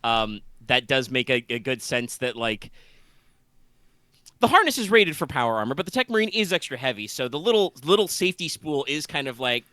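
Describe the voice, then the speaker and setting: A man running a tabletop game, his voice bright and forward as he rambles through the scene with plenty of ums and restarts. The sound is dry and close, with almost no room around it. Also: mid-range voice, very animated, fairly quick, no room sound. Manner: rambling, loose, full of fillers and restarts. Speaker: game master.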